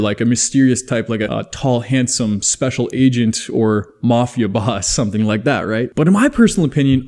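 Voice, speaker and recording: A man's voice: mid-range voice, a little mellow. A man hosting a self-improvement video, chatting casually and laughing at his own jokes. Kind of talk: casual advice monologue.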